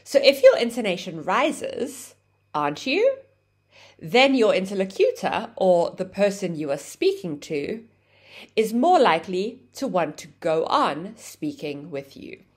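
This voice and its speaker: A woman gives a clear English grammar lesson, acting out example phrases with exaggerated rises and falls in pitch. Her voice is mid-range and darkish in tone, very animated, delivered at a measured pace.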